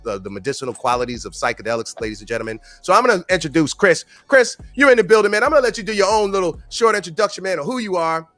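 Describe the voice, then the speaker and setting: A man hosting a webinar, talking in an energetic hype-man style with lots of slang and a sing-song delivery. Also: a little high. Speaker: webinar host. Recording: hip hop music playing behind.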